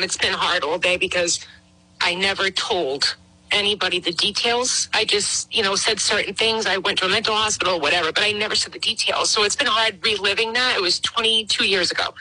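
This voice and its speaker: A middle-aged woman guest sharing a personal story, emotional and halting, acting out quotes. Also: medium pitch, pushed and bright, low-quality recording. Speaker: guest caller. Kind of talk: personal testimony.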